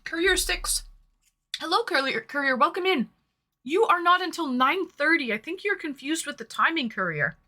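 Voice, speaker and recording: Bright lively Massachusetts woman streamer. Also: high-pitched, moderate pace. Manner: chatty, reads chat aloud, eats between words. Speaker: streamer hosting online dates. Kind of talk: casual livestream chat.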